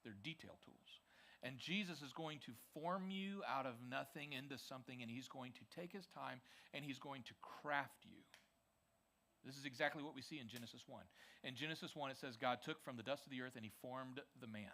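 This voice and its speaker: A man giving a lively youth sermon in a church service, his voice bright and forward. He keeps it conversational and checks in with the room often. His pitch sits in a middle register. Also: fairly quick. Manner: energetic, conversational, frequent "okay?" check-ins. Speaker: youth pastor.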